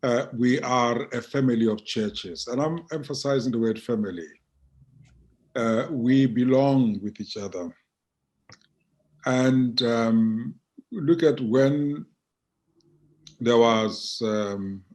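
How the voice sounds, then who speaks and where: A middle-aged man with a South African accent, an archbishop speaking in a conversational interview over a video call, halting and repeating his words with many fillers. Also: mid-range voice, a little mellow.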